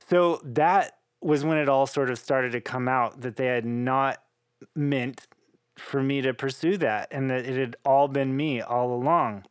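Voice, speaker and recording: Brief: male interview guest, lively storyteller, dry close recording. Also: medium pitch, a little slow, dry recording. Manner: animated, laughing storyteller.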